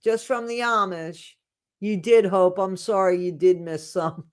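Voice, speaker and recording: A livestream host reading viewer comments in a casual chat, blunt and full of restarts, swinging between quiet mumbling and loud ranting. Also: mid-range voice, fairly even intonation, a little slow, clean tone.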